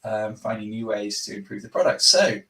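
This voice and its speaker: A man's voice: fairly low pitch, lively intonation, brisk, vocal fry, pushed and bright, distant mic. A man hosting a live product demo. He talks enthusiastically and rambles, often breaking off and correcting himself. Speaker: product presenter and company host.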